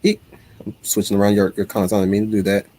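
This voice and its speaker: This livestream host has a lowish male voice and speaks fast. In casual chat he reads through viewer comments, rambling animatedly with plenty of false starts.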